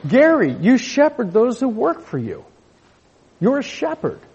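A man's voice: very high voice, huge pitch swings, a little slow, darkish tone, slightly rough. A man preaching a sermon in a conversational way, often restarting his sentences and calling on the congregation to repeat after him. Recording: dull lo-fi recording with long hall reverb.

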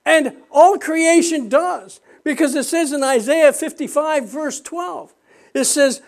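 High-voiced older man preaching fervently. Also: slow. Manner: fervent, rising to shouts of praise; rambling with restarts and self-deprecating laughs. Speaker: pastor. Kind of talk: sermon.

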